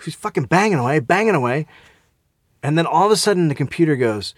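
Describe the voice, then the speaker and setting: A man's voice: on the high side, lively intonation, fast, no echo. A young man co-hosting a comedy podcast, teasing his partner with profane banter. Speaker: podcast co-host. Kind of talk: crude comedic chat.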